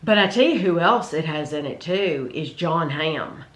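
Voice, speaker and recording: A woman's voice: deep voice, lively intonation, unhurried, roomy sound. A woman, chatting animatedly as co-host about shows she watched. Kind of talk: casual chat.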